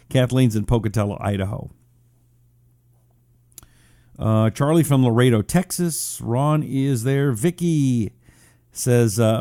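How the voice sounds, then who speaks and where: Dark-voiced, chatty male talk host. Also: mid-range voice, dry recording, studio quality. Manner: chatty, reads viewer check-ins aloud. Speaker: radio talk show host. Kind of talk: casual live-stream chat.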